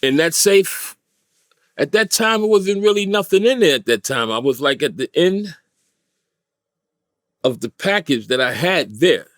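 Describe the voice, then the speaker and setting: A man's voice: fairly high pitch, lively intonation, unhurried, pauses often, fairly bright tone, dry recording. A middle-aged man from New York, a guest in a studio interview, telling a vivid street-style story and acting out the voices of others.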